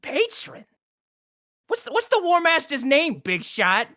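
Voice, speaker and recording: A man's voice: wildly swooping pitch, measured pace, sharp tone, exaggerated voice. A man voicing a drunk, slurring male goblin who stammers nervously. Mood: suspicious, stammering. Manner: high squeaky nervous stammer.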